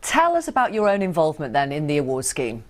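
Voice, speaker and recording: A woman's voice: sits low, wildly swooping pitch, quick pace. A woman news presenter hosting a live broadcast interview, asking direct questions.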